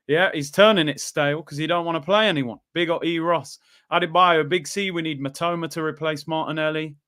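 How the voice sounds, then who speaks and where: A man's voice: fairly high pitch, steady tone, a little fast, fairly bright tone. A man hosting a casual football chat, speaking bluntly and with firm opinions. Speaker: host.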